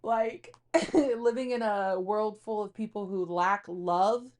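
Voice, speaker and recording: A woman in her thirties co-hosts a podcast, chatting casually in a candid, confessional way and rambling with lots of fillers. Her mid-range voice has a darkish tone, and she speaks slowly.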